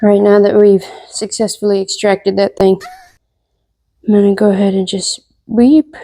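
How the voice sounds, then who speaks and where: Jokey woman walking viewers through a recipe, mid-pitch voice, slips into whispers now and then. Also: level tone, moderate pace, dark tone. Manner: playful, joking asides to viewers. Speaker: cooking vlogger. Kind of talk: casual kitchen tutorial.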